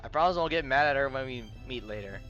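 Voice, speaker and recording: A brash young woman soldier, voiced by a man, grumbles bluntly at everyone around her. Her voice is bright, and the recording is dull and lo-fi with a little music underneath. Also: medium pitch, expressive, fast, natural voice. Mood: grumbling.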